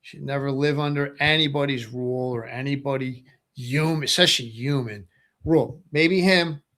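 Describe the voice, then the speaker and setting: A man's voice: mid-range voice, normal speed, bright, forceful tone. A middle-aged man hosting a webcast, talking through his views in a rambling, casual way, often asking "right?" and repeating phrases. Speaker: webcast host. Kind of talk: casual political monologue.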